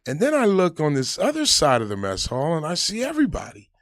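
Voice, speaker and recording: A man in casual conversation, an army veteran telling his stories in an animated way and acting out the shouted lines of the people in them. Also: a little high, a little fast, dry recording, studio quality. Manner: animated storyteller, acts out quoted shouts. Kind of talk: casual storytelling chat.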